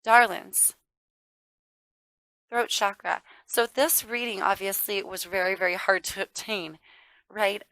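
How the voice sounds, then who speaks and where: A woman's voice: mid-range voice, steady tone, moderate pace, bright, forceful tone, no room sound, low-quality recording. Emphatic woman giving a tarot reading. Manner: emphatic, calls listener darling and baby; swears, gets worked up. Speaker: tarot reader. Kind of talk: casual tarot reading to viewers.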